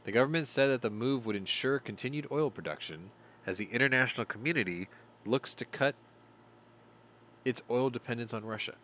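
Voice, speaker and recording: A man's voice: mid-range voice, lively intonation, a little fast, fairly bright tone, a little hiss or hum. Tired, sarcastic man reading news. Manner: sarcastic asides between read headlines. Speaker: show host. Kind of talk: reading news stories with commentary.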